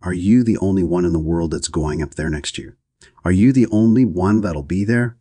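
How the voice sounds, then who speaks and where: A man's voice: sits low, moderate pace, dark tone, no room sound. A man reading an audiobook, voicing a curt and scornful young man. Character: weary young man, scornful older brother.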